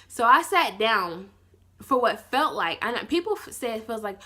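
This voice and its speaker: A nineteen-year-old woman tells a casual storytime, rambling with lots of "like" and swearing, and acts out other people in lower, softer voices. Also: lively intonation, normal speed. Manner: rambling, heavy use of "like", swearing. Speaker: vlogger.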